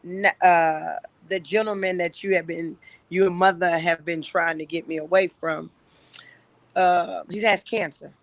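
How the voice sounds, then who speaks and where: A woman's voice: on the low side, fairly even intonation, dry recording. Earnest woman in her fifties, dry sound. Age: 50s. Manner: earnest, halting, with frequent pauses. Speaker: church member giving testimony. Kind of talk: emotional personal testimony. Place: livestreamed church gathering.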